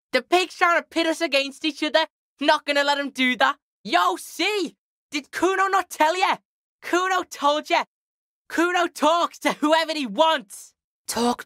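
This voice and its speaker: For video game character acting, a woman voices a cocky, foul-mouthed young street boy who brags and refers to himself in the third person. Her voice is mid-range, fairly bright, and close to an everyday voice. The audio is clean studio sound with no echo.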